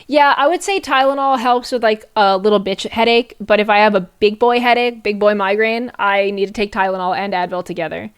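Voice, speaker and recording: A woman's voice: medium pitch, a little fast, few pauses, clean tone. A young adult woman streamer chatting casually to her viewers, swearing and using slang, often laughing.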